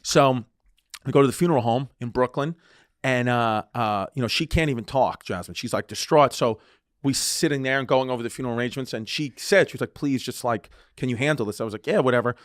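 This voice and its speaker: A man's voice: medium pitch, fast, dry recording, studio quality. A man, telling a long comic story on a podcast, laughing often and acting out the people he quotes. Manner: animated, laughing often, acts out quoted voices.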